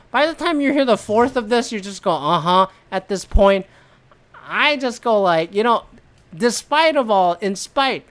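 A woman hosts a solo podcast in a rather low voice that swings widely in pitch. She rants bluntly, swearing often, and rambles with lots of fillers and restarts. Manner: profane, blunt and opinionated. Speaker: podcast host. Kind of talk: solo political commentary rant.

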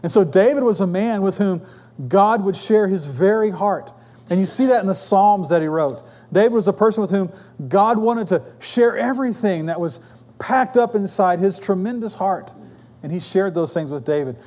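A middle-aged male pastor with a high, light voice delivers a sermon in a church. He tells stories with humor and acts out his family's dialogue. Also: lively intonation, normal speed, darkish tone. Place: church sanctuary.

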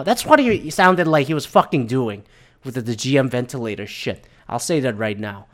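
Man with a slightly higher voice; loose, profane, rambling rant delivery. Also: sing-song, normal speed, a bit bright. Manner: mimics others in quoted asides. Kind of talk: casual rant on current events.

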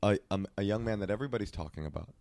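Upbeat, low-voiced male podcast host. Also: racing, a little mellow, no echo. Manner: upbeat, playful hype. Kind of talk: casual podcast banter. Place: hotel room.

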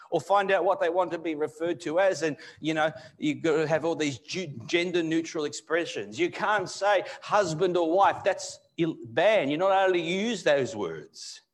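A male pastor giving a live sermon in church, moving between loud emphatic bursts and low, quiet asides. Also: normal speed. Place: church hall.

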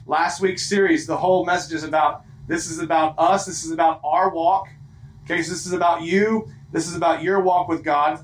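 A man's voice: fairly high pitch, fairly even intonation, fairly quick, slight background noise. A man in his thirties preaching a sermon in a conversational, earnest way, often repeating phrases for emphasis. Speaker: pastor. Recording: echoey room.

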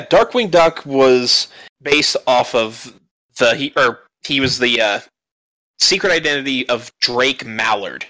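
Bright-toned man in casual chat. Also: mid-range voice, poor audio. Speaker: podcast co-host.

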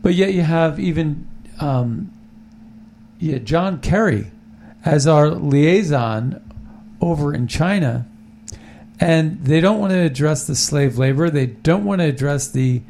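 Brief: gravelly, opinionated talk-show host. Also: male voice, on the high side, takes it slowly, dark tone, slight background noise. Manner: rambling, opinionated, many restarts. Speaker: podcast host. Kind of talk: casual political talk.

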